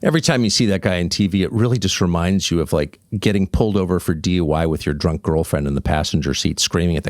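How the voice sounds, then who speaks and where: A man's voice: sits low, fast talker, a little mellow, no room sound, clean studio sound. A man hosting an opinion monologue, sardonic and mocking. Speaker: host.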